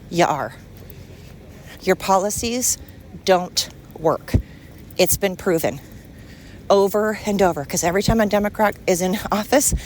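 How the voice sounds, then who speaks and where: A woman's voice: medium pitch, slight background noise. A woman hosting a solo podcast, ranting in a heated, profane, blunt and scolding way. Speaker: podcast host. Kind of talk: angry solo podcast rant.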